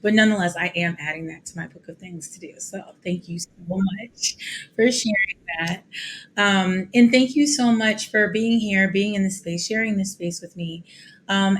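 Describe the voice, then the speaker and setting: A woman's voice: mid-range voice, a little hiss or hum. A woman hosting a podcast interview, chatty and affirming, often saying "um" as she frames questions and thanks her guest. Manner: warm affirming, chatty, many fillers. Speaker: podcast host.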